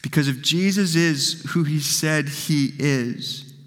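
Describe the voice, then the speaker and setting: Bright-voiced pastor preaching in a hall. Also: male voice, a little high, takes it slowly. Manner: emphatic, repeats phrases for rhetorical effect. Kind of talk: sermon.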